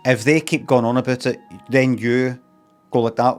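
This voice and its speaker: Glaswegian man rambling deadpan on stream. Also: medium pitch, fairly quick, faint music behind. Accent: Scottish, Glaswegian. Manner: rambling, deadpan, acts out mock dialogue in a raised voice. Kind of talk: casual livestream chat with chat readers.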